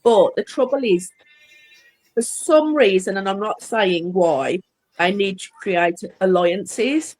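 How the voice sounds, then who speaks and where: Woman author, mid-pitched, talking eagerly about her series. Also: animated, slow pace, darkish tone, faint music behind, rough recording. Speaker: author guest. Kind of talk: casual chat.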